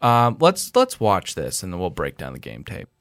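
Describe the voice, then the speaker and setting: Lively low-voiced male podcast host. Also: moderate pace, clean tone, no echo, studio quality. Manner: steers the talk, wry. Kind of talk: casual chat, moderating.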